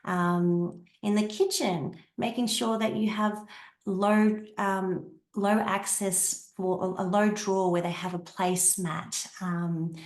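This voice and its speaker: Gentle woman sharing parenting tips, echoey room. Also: mid-range voice, steady tone, slow. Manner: gentle, many ums, acts out warm phrases to a child. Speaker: Montessori parenting guest.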